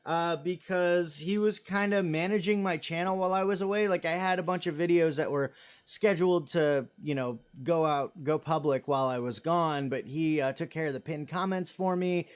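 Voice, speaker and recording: A man's voice: fairly high pitch, normal speed, clean tone. A man in his thirties hosting a live stream, chatting casually and rambling as he reads viewer comments and jokes about himself. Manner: self-deprecating and joking.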